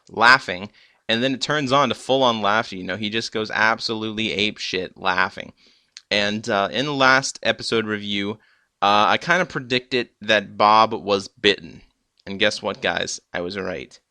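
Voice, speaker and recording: A young man chats through a TV episode recap, stumbling over restarts and fillers as he goes. His voice sits low yet comes across bright and forceful. The sound is dry and close, with no room around it. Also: dry recording. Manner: rambling, many fillers and restarts. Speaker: episode reviewer. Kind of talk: casual recap.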